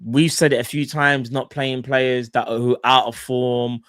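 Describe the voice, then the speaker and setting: A young man, co-hosting a casual football fan show and arguing his points in slangy, animated talk. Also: mid-range voice, moderate pace, no room sound, clean studio sound. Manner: animated, slangy, acts out quotes. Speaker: fan podcast co-host.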